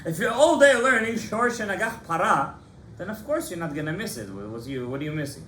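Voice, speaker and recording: A rabbi with a somewhat high voice teaches a lively Torah class, speaking a little fast with passion and drive and quizzing students by name. His voice echoes around the study hall above a faint low hum.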